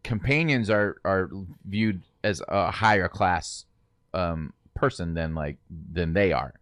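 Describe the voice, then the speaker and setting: A man casually chatting as a movie podcast co-host, rambling in an animated way. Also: low voice, slow, dry recording, studio quality.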